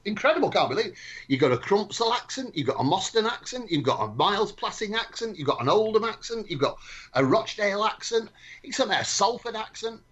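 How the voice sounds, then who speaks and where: A Mancunian man co-hosting a radio chat, with a husky, fairly high voice that rises and falls widely. He teases dryly, and he comes through a dull, lo-fi line. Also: very animated, fairly quick, fairly bright tone. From Manchester. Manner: dry, teasing. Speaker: co-host. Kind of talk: casual chat.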